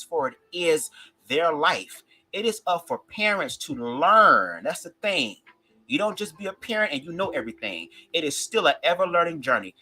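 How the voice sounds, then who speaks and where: A Detroit commentary vlogger with a Detroit accent gives opinionated takes in a sassy, emphatic way, swearing freely. His voice is fairly high, pushed and bright, and the audio quality is poor.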